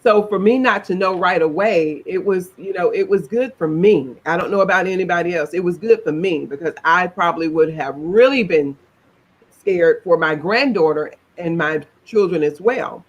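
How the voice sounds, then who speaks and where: A woman's voice: fairly low pitch, moderate pace, lo-fi sound. A middle-aged woman, telling her own story in a chatty interview and laughing as she goes. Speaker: interview guest.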